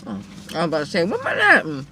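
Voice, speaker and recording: A woman's voice: on the low side, huge pitch swings, fast, background noise. A woman hosting an eating show, chatting casually and directly to her viewers between bites. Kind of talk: casual mukbang chat to viewers.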